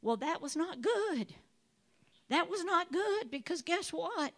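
Woman preacher, high voice, animated storytelling sermon with acted-out voices. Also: takes it slowly. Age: adult. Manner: animated storytelling, acts out voices of biblical figures.

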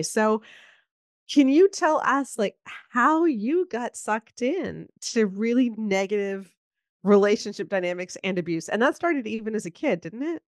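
A woman's voice: medium pitch, animated, a little fast, no room sound, clean studio sound. A woman hosting a podcast in casual interview chat, effusive and chatty. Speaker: podcast host.

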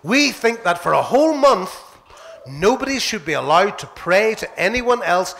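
A man's voice: high-pitched, very animated, moderate pace, gravelly, a bit bright, a little hiss or hum, full character voice. A man doing fawning, scheming royal courtiers. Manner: fawning, then gloating.

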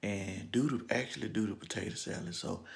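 A man's voice: a little fast, creaky. A man filming a casual family vlog in his home kitchen, talking easily to his viewers and keeping his voice down so the house stays asleep. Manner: speaking low to keep from waking the house. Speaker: family vlogger.

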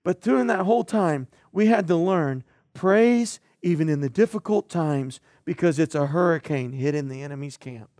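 High-voiced pastor preaching animatedly. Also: male voice, moderate pace, hardly any pauses, no room sound, clean studio sound. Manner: animated storytelling, swinging from loud to hushed. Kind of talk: sermon. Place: church.

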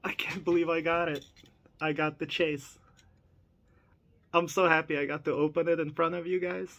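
A young man in an excited, stammering toy unboxing vlog, laughing often and catching his breath. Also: on the high side, normal speed, gravelly. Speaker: toy collector vlogger. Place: room in a house.

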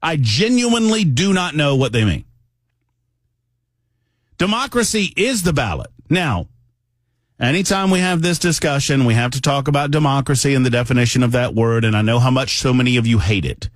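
A male talk radio host delivers a political monologue in a conversational, emphatic way, drifting into asides as he goes. His pitch swings widely and animatedly while he stays at a middle register. The sound is dry and close, with no room around it. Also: lively intonation, moderate pace, no echo.

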